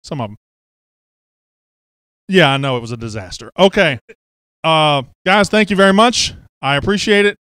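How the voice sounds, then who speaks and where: A man's voice: fairly high pitch, lively intonation, fairly quick, pushed and bright, clear, resonant tone, no echo. A man hosting a casual show, joking and teasing the crew as he rambles along. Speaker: host. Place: studio office.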